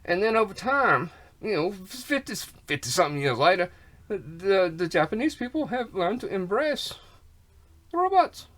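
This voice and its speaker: Very animated and fairly bright in tone, this mid-range voice belongs to a vlogger rambling at a moderate pace. The monologue is full of repeated words, rhymes, and folksy slang, delivered with a snotty, coughing sound.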